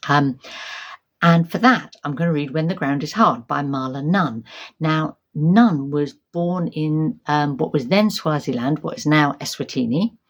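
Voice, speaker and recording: A woman with a notably low voice talks to camera about her reading in a loose, friendly way. She wanders through her thoughts with plenty of ums, repeated words and false starts, sounding middle-aged and unhurried. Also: highs cut off. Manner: chatty, hesitant, many ums and restarts. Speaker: book vlogger. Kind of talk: casual book chat to camera.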